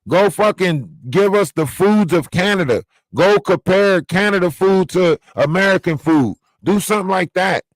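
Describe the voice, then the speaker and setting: Man, livestream rant, profane, scolding, confrontational, slightly high voice, dry close sound. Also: normal speed, hardly any pauses, dry recording, poor audio. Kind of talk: ranting livestream monologue.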